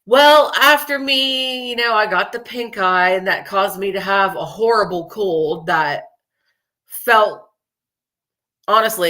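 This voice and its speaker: A woman's voice: lowish voice, sharp tone. A young adult woman hosting a casual true crime show, chatting to viewers in a rambling, profane way and laughing often. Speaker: true crime podcast host.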